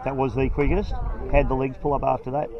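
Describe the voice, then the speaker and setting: A man's voice: medium pitch, level tone, fast, creaky, crowd noise. A man doing casual, joking trackside interviews with racers. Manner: jokey, laughing, matey. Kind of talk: casual post-race interviews. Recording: slightly dull lo-fi sound.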